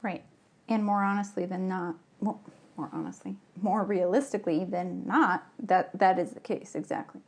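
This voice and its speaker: Woman cohost in a relaxed podcast chat, calm and thoughtful, mid pitch. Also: normal speed. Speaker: podcast co-host. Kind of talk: casual chat.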